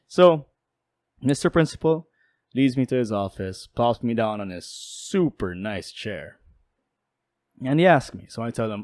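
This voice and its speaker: A young man casually telling a personal story in a lively, jokey way, with quick asides. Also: medium pitch, no room sound. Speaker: storytelling YouTuber.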